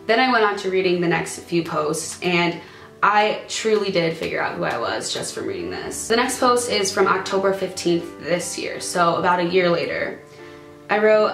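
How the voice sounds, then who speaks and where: Teary young woman in an echoey room. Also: lowish voice. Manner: earnest, fighting back tears. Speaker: YouTuber. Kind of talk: emotional personal vlog. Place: room at a computer or camera.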